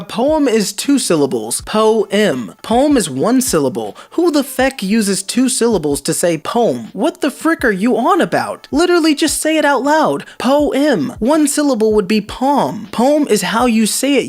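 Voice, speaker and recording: A man reading out social media posts and mocking them in sarcastic, exasperated commentary. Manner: mocking, exasperated, lively swings in pitch.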